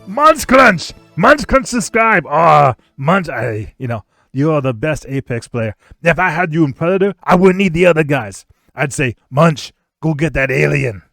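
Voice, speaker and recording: A man putting on a boastful muscleman action hero with a thick Austrian-German accent, pitched a little high, faint game music underneath. He talks in punchy, self-praising lines. It sounds like a gaming-stream impression. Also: animated, a little slow, creaky, a bit bright, no echo, studio quality, heavily acted. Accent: put-on Austrian-German. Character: bragging muscleman action-star governor impression, male middle-aged.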